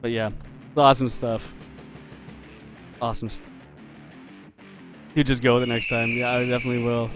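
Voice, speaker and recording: A man telling a story in a relaxed, chatty way, laughing often as he draws live on a stream for his viewers. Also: mid-range voice, moderate pace, pauses often, faint music behind. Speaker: game developer and artist streaming live. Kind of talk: casual storytelling while drawing on a live stream.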